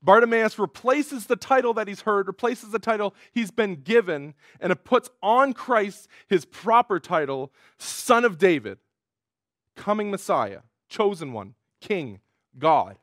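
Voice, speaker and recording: A male pastor preaching a sermon in an earnest way, rising in pitch and force when he quotes cries. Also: animated, a little slow, a bit bright, dry recording, studio quality.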